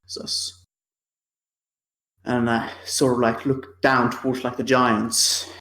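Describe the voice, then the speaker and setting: A male player speaks his character's lines in a tabletop game with animated energy. His voice is mid-pitched and sounds set back from the mic in an echoey room. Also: slow.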